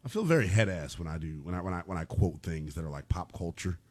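A young man hosting a sports talk radio show, playful and animated, often laughing. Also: low-pitched, fast talker. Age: young adult.

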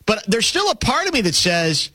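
A man hosting a talk radio show, rambling and animated, often breaking off and restarting his sentences. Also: high-pitched, normal speed, breathy edge, no room sound. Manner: animated, rambling, self-interrupting.

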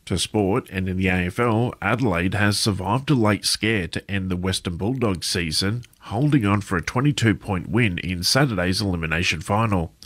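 A man reading a radio news bulletin in a steady, measured delivery. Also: sits low. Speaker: newsreader.

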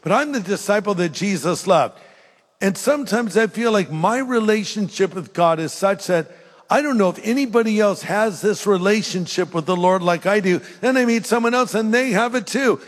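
A man's voice: high voice, normal speed. An older man preaching an earnest sermon as pastor, rising to fervent emphasis. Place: large church hall. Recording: long hall reverb.

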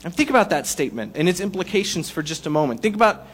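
A man's voice: high voice, sing-song, quick pace, fairly bright tone. Man preaching a casual sermon. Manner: conversational preaching with humorous analogies. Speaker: pastor.

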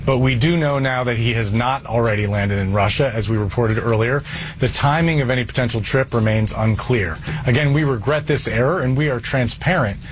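A man reporting on television, reading a correction in a measured, formal news delivery. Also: mid-range voice, slight background noise, low-quality recording.

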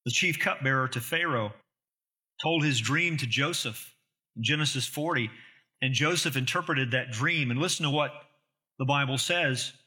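A man's voice: mid-range voice, moderate pace, pushed and bright. A man preaching a sermon as a pastor, emphatic and full of rhetorical questions.

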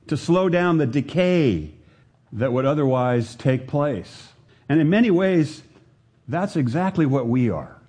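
Pastor guy preaching to his church, really lively pitch, keeps asking the room questions. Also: husky. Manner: builds to emphatic high-pitched peaks, asks the congregation questions. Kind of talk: sermon.

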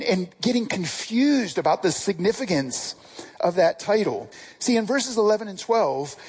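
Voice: medium pitch, darkish tone, husky. A pastor preaching a casual sermon, talking conversationally and often restarting and repeating words.

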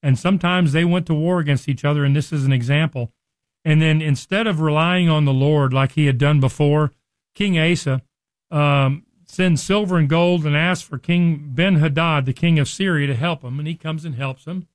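A man's voice: a little high, normal speed, no room sound. A man teaching a Bible lesson in a conversational sermon style, often restarting and acting out quoted speech.

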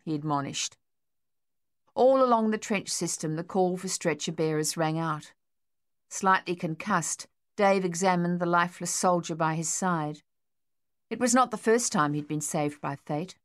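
Woman narrating an audiobook, lowish voice. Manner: measured, even reading. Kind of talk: scripted narration.

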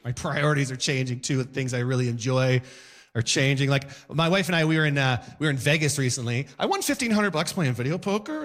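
A man in his forties doing a stand-up comedy set, with a high voice that leaps up and down his range. He talks in an animated way and keeps jumping into loud, shouted voices for his bits. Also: fast talker.

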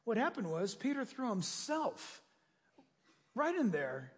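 Pastor guy preaching, high voice that jumps all over, kinda husky, long hall echo behind him. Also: takes it slowly. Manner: animated storyteller acting out voices. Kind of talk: sermon.

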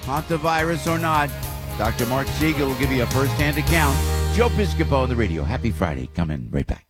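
A man's voice: mid-range voice, very animated, brisk, over loud music. A talk radio host, an older man, chatting in a rambling, upbeat way full of fillers and restarts. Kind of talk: casual radio talk and live ad read.

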